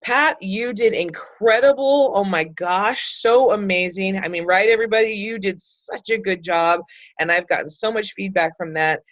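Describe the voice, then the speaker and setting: A woman's voice: medium pitch, normal speed, fairly bright tone, dry recording, highs cut off. A middle-aged woman leading a group video call, chatty and enthusiastic, with plenty of fillers. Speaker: group leader hosting a book club call. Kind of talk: casual group talk.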